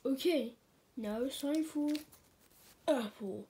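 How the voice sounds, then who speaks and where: A woman's voice: high voice, takes it slowly, dark tone, slight background noise. A woman hosting a playful plush toy sour challenge, announcing each contestant.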